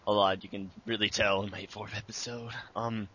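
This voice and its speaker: A man's voice: fairly low pitch, little pitch movement, moderate pace, fairly bright tone, lo-fi sound. A young man answering interview questions about making his abridged series, casual and rambling with many fillers.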